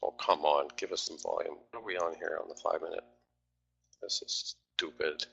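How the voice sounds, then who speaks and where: A man's voice: very deep voice, fairly even intonation, normal speed, gravelly, fairly bright tone, slightly rough, muffled recording. A man talking through live trades on a stream, grumbling and swearing at his trading platform.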